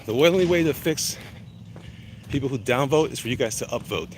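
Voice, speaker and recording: A man chatting casually on a livestream while walking briskly outdoors, a bit out of breath, greeting viewers by name as he rambles. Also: mid-range voice, lively intonation, slight background noise. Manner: reads chat names aloud, greets viewers, rambling. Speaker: comic artist livestreaming. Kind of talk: casual live-stream chat while walking. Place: outdoors walking through a neighborhood.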